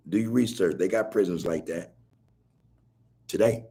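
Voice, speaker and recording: Husky low-voiced man preaching on a podcast. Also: moderate pace, dark tone. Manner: preachy, rambling, drawling, laughs to himself. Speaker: podcast host. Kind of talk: casual commentary. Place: online video call. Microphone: video call.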